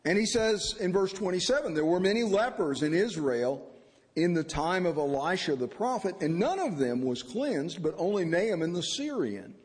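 A man preaching an expository sermon, animated and acting out the people he quotes. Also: sits high, normal speed. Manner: animated, acts out quoted characters. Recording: reverberant hall.

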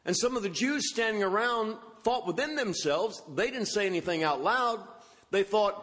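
A man's voice: high-pitched, expressive, normal speed, fairly bright tone. Man preaching a sermon in a reverberant hall. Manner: expository, quotes scripture with rising emphasis.

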